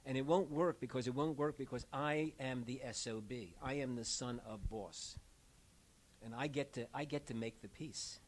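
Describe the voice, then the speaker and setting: Older man telling stories in a lively way. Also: medium pitch, low-quality recording. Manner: animated storyteller, acts out quoted voices. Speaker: end-of-life doula. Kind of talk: conversational storytelling. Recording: faint hiss.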